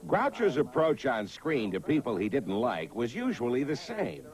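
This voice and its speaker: A man's voice: mid-range voice, wildly swooping pitch, normal speed, loud music behind the voice, rough recording. A man giving scripted narration that introduces classic comedy clips, in a wry presenting tone. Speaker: documentary narrator.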